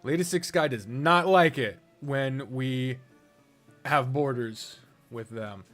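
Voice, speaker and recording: A man's voice: mid-range voice, slow, a bit bright, soft background music. A man streaming a strategy game, rambling casually, talking to himself and swearing often. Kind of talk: casual live-stream chat while gaming.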